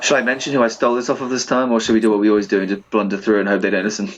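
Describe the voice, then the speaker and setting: A young man co-hosting a podcast in casual, joking chat with a deadpan manner. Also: on the low side, rapid-fire, heavy background noise. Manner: joking, deadpan, plays silly accents. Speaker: podcast co-host.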